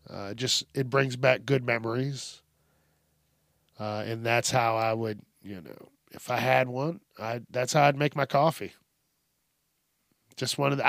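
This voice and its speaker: A man hosting a podcast, telling stories in a casual, profane, animated way. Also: mid-range voice, vocal fry, no room sound, clean studio sound. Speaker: podcast host. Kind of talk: casual monologue.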